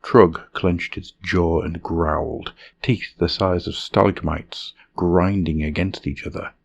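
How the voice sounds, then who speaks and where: A man reading a fantasy story in a measured, dramatic narration style. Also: low voice, steady tone, gravelly, muffled recording.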